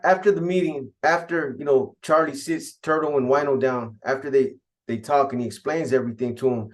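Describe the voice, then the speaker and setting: A man casually recounting a prison gang story in profane street slang. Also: mid-range voice.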